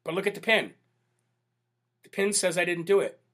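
A man's voice: sits high, normal speed, fairly bright tone. A man doing a sarcastic mocking impression of a defensive, self-pitying male politician. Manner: sarcastic, whiny mockery.

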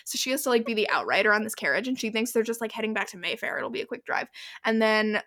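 A woman's voice: fairly high pitch, fast talker. A woman co-hosting a podcast, chatting casually as she retells a story, full of "like" and acting out the characters' lines. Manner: animated storyteller, heavy use of "like", acts out quotes. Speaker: podcast co-host. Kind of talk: casual chat recapping a book.

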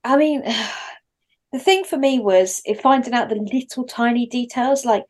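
A woman's voice: on the high side, unhurried, darkish tone. A woman co-hosting a film podcast, sharing trivia in casual chat, swearing and laughing along. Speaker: podcast co-host.

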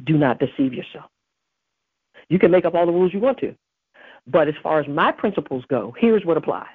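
A woman with a husky, breathy voice preaches a devotional message with earnest emphasis, weaving in scripture. The sound is dry and narrow, like a phone line. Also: low voice, lively intonation, fairly quick, dry recording. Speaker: podcast host.

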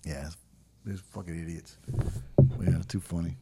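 A man's voice: low voice, fairly even intonation, normal speed, very noisy. A man in his forties with a Southern US accent, co-hosting a casual podcast chat, rambling through stories and laughing often. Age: 40s. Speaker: podcast co-host.

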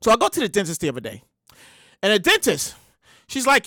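A woman's voice: fairly high pitch, wildly swooping pitch, a little fast, long pauses, fairly bright tone, dry recording. A woman hosting a show, ranting in casual, profane talk and repeating herself in exasperation. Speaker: podcast host. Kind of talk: casual comedic rant.

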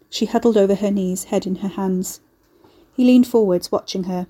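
A woman narrating a dark fantasy story in an expressive audiobook reading. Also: medium pitch, moderate pace.

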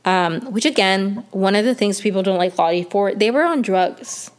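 A woman's voice: medium pitch, normal speed. A young woman casually recapping a TV episode, chatty and full of fillers and restarts. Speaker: show recap host.

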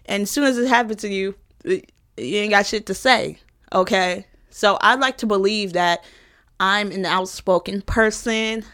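A woman's voice: on the high side, normal speed, fairly bright tone. A woman in her twenties, a college student, talking frankly and emotionally to the camera in a casual vlog, with plenty of profanity. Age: 20s. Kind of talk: candid personal vlog talk.

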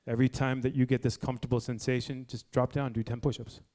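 A man in his forties preaching a blunt, fiery sermon to a men's group indoors, moving between low, quiet stretches and loud exhortation. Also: flat delivery, quick pace. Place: indoor room with a gathered group.

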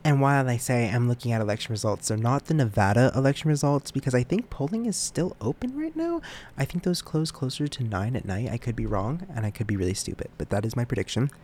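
A man's voice: mid-range voice, expressive, quick pace, darkish tone. Young male podcast host, loose casual delivery, self-deprecating, trips over his words. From United States. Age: young adult. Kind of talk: casual solo podcast chat.

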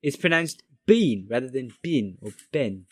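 A man casually reading a pronunciation guide aloud to friends, halting and restarting as he goes. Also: mid-range voice, expressive, no echo.

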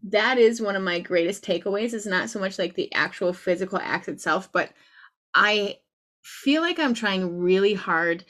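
A woman's voice: medium pitch, normal speed, a bit bright. A woman co-hosting a podcast, chatting candidly and poking fun at herself. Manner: self-deprecating, candid, laughs often. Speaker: podcast co-host. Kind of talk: casual chat.

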